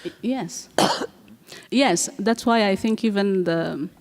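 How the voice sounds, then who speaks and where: A woman from Rwanda speaks as a guest in an onstage interview, earnest and halting, often repeating a word before going on. Her voice is mid-pitched and carries the long reverb of a live festival hall. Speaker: guest playwright and performer. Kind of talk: conversational interview.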